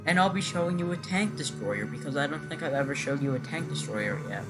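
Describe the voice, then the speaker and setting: A man's voice: on the high side, expressive, a little fast, loud music behind the voice. A man hosting his gaming channel, giving casual, rambling gameplay commentary with many hesitant fillers.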